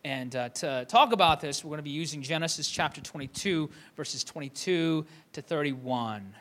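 A man's voice: on the high side, lively intonation, moderate pace, a bit bright. A young man from Michigan preaching a conversational sermon, with many fillers and restarts. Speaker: pastor.

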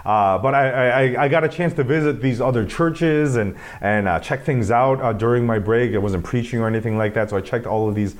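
A man's voice: medium pitch, brisk, hardly any pauses. A man preaching a sermon in a conversational, self-deprecating way, often restarting his sentences. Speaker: pastor.

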